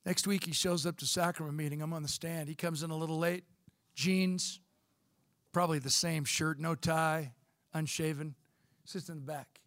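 A man's voice: on the high side, steady tone, normal speed, a bit bright, no room sound, studio quality. A middle-aged man telling a personal story in a folksy, conversational talk. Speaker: speaker, former bishop.

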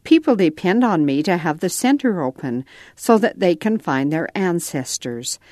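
A woman voicing a patient, kind mother gently explaining things to her son in a storybook read-aloud. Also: on the low side, very animated, moderate pace, no echo, studio quality.

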